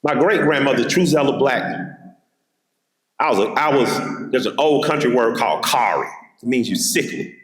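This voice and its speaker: A man's voice: medium pitch, animated, normal speed, long pauses. A middle-aged man with an Atlanta Southern accent, giving a keynote speech at a college with emphatic, rhythmic repetition and vivid personal storytelling. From Atlanta, Georgia. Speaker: keynote speaker. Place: large hall at a college. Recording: echoey hall with long reverb.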